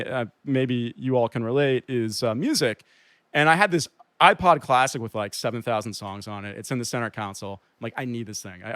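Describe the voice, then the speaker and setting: A man's voice: medium pitch, a bit bright, clear, resonant tone, no echo. A man telling a personal story casually, rambling with lots of fillers and restarts. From transplant to New York. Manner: rambling, filler-heavy with many likes and restarts.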